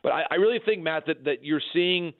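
A man giving measured baseball analysis in a conversational way, often restarting his sentences. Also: fairly high pitch, no echo. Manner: measured, frequent restarts and repeated words. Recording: dry, phone-like line.

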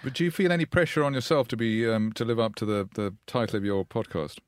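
A man's voice: mid-range voice, fast, no echo, studio quality. A man co-interviewing, asking wry, provocative questions.

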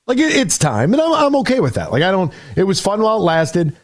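Man, sports radio host, rambling and energetic, slightly high voice, dry studio sound. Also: fast, dry recording. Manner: energetic, rambling, many restarts. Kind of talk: call-in sports talk.

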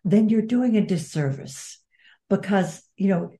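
A woman's voice: mid-range voice, lively intonation, a little slow, mellow. A woman guest in an interview, talking in an earnest, reflective way. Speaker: guest author and advocate. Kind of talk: interview conversation.

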